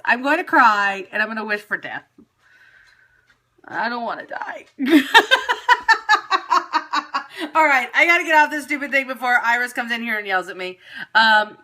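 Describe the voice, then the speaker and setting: A woman's voice: mid-range voice, bright, forceful tone. A woman hosting a casual livestream from home on her phone, talking candidly in a profane, self-mocking way. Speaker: livestream host. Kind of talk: casual chat.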